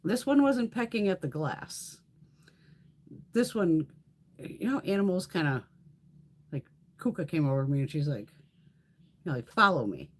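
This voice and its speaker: A woman with a lowish, husky voice chats casually on her beauty livestream. She tells stories in a lively, swinging tone and swears constantly. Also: normal speed, pauses often. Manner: animated storytelling with frequent swearing. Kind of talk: casual chat.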